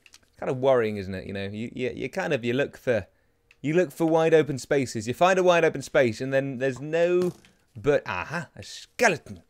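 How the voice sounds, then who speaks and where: Animated young man narrating a game. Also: mid-range voice, moderate pace. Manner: chatty, rambling and self-mocking; talks to game creatures. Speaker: let's play host. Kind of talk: gameplay commentary.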